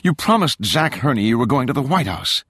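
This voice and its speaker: A man's voice: mid-range voice, sing-song, fairly quick, fairly bright tone, breathy edge, dry recording, clean studio sound, pitched above the performer's own voice. A man reading an audiobook, voicing a young woman who angrily confronts her scheming father. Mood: angry, pleading. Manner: urgent, accusing, raised voice. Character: young woman, defiant and furious daughter.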